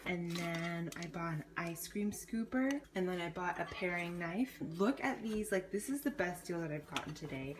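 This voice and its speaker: A woman's voice: fairly low pitch, lively intonation, normal speed, hardly any pauses. A young woman chatting casually in her vlog, full of "like" fillers and playful asides. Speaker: vlogger. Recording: noisy background ambience.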